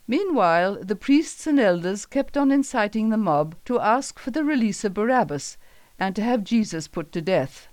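A woman narrates a Bible story in a calm, measured way. Her voice sits at a middle pitch. The recording is dry and close, with no room sound. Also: no echo.

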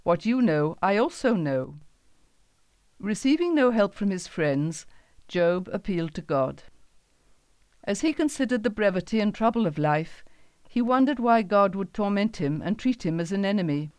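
A woman narrates a scripted Bible story at a measured, steady pace. Her voice sits in a middle pitch range for a woman. The recording is dry and close, with no room sound. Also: no room sound.

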